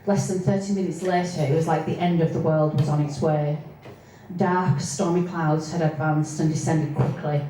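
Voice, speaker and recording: A woman reading from her own novel, with hesitant spoken asides between steady passages. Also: low voice, normal speed. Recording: echoey room, distant mic, faint noise.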